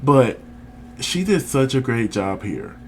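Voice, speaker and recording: A man co-hosting a casual review chat, animated and teasing as he leads the talk. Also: mid-range voice, slow, a little hiss or hum. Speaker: podcast co-host.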